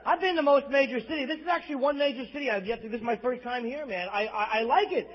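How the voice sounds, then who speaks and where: A man's voice: extremely high pitch, fast talker, noisy background. A man from New Jersey doing a crude, profane stand-up set on stage in a comedy club, ranting abrasively at the audience. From East Coast of the US, New Jersey. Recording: lo-fi live bootleg audio with faint crowd ambience.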